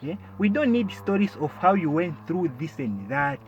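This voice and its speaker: A man's voice: fairly high pitch, big pitch swings, moderate pace, highs cut off, a little hiss or hum. A man performing a sarcastic comic monologue, talking straight at his listeners and ending points with "yeah?". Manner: sarcastic, addresses listeners directly with "my friend" and "yeah?". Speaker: comedian.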